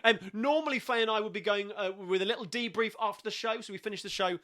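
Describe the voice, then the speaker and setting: Bright-voiced man rambling chattily. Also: high-pitched, fast talker. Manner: rambling, chatty, with many ums. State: tired. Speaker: sing-along host. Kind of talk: casual livestream chat.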